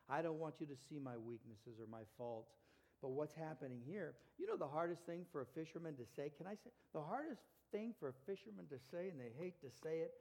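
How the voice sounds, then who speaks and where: A middle-aged man preaching a sermon as pastor, acting out little dialogues with lively swings in his voice. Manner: animated, acts out dialogue with big pitch jumps.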